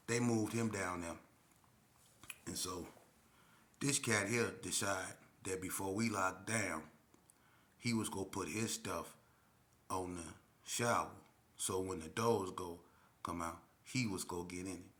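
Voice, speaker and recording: A low-voiced man tells a story in loose, slangy street talk. He keeps checking in with the listener as he goes and speaks in a plain, unhurried way. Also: fairly bright tone. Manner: slangy, street talk with frequent "you know what I'm saying". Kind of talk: casual storytelling.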